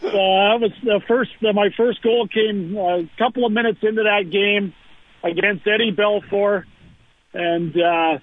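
A former pro hockey player on a radio interview, telling lively anecdotes with lots of "uh" fillers over a phone line. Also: male voice, high voice, a little slow. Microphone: telephone.

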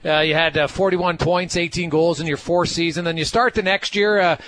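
Sports radio host, man, bright and forward tone, casual interviewer who restarts his sentences. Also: on the high side, fairly even intonation, a little hiss or hum. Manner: conversational, halting restarts while asking.

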